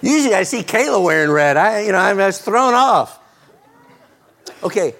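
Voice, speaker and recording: Gravelly man preaching with earnest fervor. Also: high-pitched, moderate pace. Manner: earnest, repeats words and restarts, rises to loud excitement. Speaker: pastor. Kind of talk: sermon.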